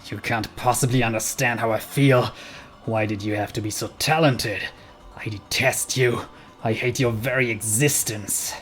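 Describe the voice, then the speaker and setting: Man playing a cold, menacing middle-aged scientist father, slightly low. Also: fairly even intonation, moderate pace, fairly bright tone, faint music behind, close to an everyday voice. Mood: cold, contemptuous. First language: German.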